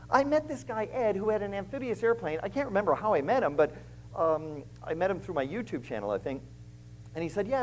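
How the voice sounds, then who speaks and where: Animated man telling a story at church. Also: sits high, a little hiss or hum, poor audio. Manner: animated storyteller acting out dialogue. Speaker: guest speaker. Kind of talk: storytelling testimony.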